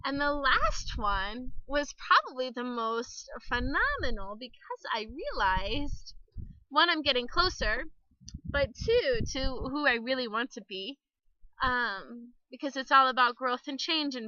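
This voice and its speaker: A woman's voice: high voice, sing-song, unhurried, pushed and bright, dry recording, muffled recording. A young woman talking candidly to camera outdoors by the water, chatty, laughing often and cussing a little. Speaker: vlogger. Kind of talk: casual personal vlog to camera.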